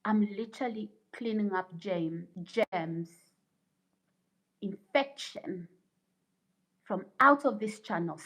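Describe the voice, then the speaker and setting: A woman's voice: mid-range voice, takes it slowly, long pauses, a bit bright, rough recording. A woman hosting a casual livestream, reading viewer comments aloud and lecturing in an indignant, preachy way. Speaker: livestream host.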